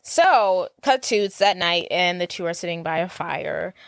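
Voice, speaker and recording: Lower-voiced woman narrating a plot, dry. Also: normal speed, vocal fry, no room sound. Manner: steady narrating, with short agreeing interjections. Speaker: podcast co-host. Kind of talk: casual movie recap chat.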